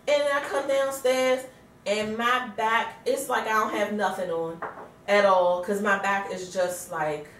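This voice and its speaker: A woman's voice: mid-range voice, fairly even intonation, measured pace, fairly bright tone, recorded from a distance. A tired, pregnant woman in her thirties tells a home story in casual vlog style, acting out the quotes and breaking into laughs. Her voice comes from a little way off the mic. The room around her is roomy, with a faint hum of ambience underneath. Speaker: vlogger. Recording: roomy sound from away from the mic.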